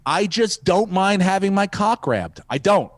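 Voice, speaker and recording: A man's voice: high-pitched, animated, a little slow, dry recording. A man hosting a podcast who rambles through a profane story and acts out the quotes. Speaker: podcast host, comedian. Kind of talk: casual storytelling.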